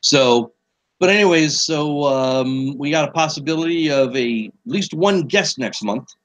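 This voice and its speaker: Casual, higher-voiced podcast man. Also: a little slow. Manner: casual, swears freely, reads quotes aloud as a quiz. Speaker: podcast co-host. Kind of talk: casual chat.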